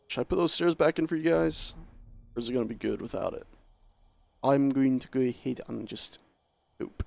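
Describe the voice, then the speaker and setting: A man streams a building game with a medium-pitched, slightly mellow, creaky voice at normal speed, soft music playing behind him. He chats casually and talks to himself as he plays, often joking at his own expense.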